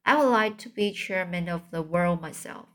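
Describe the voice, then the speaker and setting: A woman reading as a brisk little mouse schoolteacher. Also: lowish voice, a bit bright, close to an everyday voice. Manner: brisk, dismissive, stumbles over long words. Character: tiny bossy male mouse schoolteacher, brisk. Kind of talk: storybook reading aloud.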